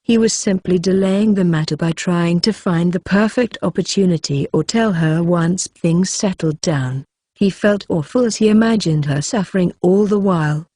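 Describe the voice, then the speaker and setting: An audiobook narrator, a woman with a fairly low voice, reads a fantasy novel at a moderate pace in a steady, even storytelling style. It's scripted narration with a dry, studio-quality recording.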